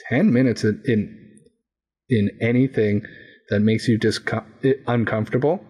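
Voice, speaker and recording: Male leadership coach, husky voice, thoughtful and searching. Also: medium pitch, normal speed, a little mellow. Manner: reflective, searching for words with many restarts and "like". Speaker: coach and podcast guest. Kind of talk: casual podcast conversation.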